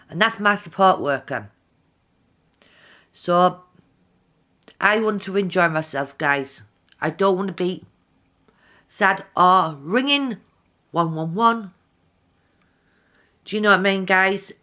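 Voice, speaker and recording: Woman, middle-aged, vlog diary; unhurried, lowish, speaks straight to camera. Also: a bit bright. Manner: heartfelt, talks straight to her viewers. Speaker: vlogger. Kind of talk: emotional video diary.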